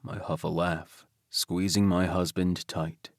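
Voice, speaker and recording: A man narrating a romance audiobook in first person, intimate and soft-spoken. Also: sits low, level tone, slow, few pauses, dry recording, studio quality.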